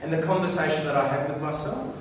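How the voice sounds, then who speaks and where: A man giving a motivational talk on stage, animated and coaxing the audience to answer back. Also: on the high side, quick pace, slight background noise. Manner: animated, coaxing the crowd into call-and-response. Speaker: motivational speaker. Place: large hall with a live audience. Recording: echoey hall, voice picked up from a distance.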